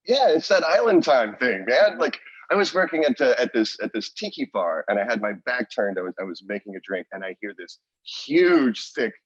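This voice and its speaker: A man's voice: fairly low pitch, sing-song, a little fast, hardly any pauses, no room sound, lo-fi sound. A man co-hosting a podcast in casual chat, rambling and restarting his sentences and laughing often. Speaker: podcast co-host.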